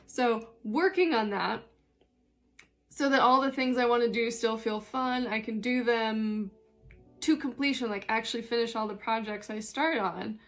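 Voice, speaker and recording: A woman's voice: fairly high pitch, a little slow. A young adult woman, a spiritual life coach, chatting casually with dry, sarcastic humor while reading tarot cards.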